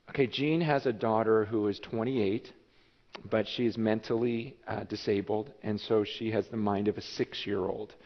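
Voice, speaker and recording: Man, pastor, animated sermon storytelling, long church reverb, muffled sound. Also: lowish voice. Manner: storytelling, animated, emotional build to shouting. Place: church sanctuary. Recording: dull echoey church hall.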